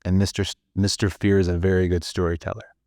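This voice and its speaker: Low-ish guy talking you through a story, earnest and casual, dry close sound. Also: flat delivery, quick pace, a little mellow, no echo. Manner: earnest, casual, second-person storytelling with swearing. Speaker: podcast host. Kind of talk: reflective storytelling monologue.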